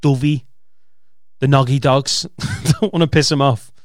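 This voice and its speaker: A man co-hosting a podcast in casual chat, sweary, animated and teasing. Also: medium pitch, unhurried, dry recording, studio quality. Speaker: podcast co-host.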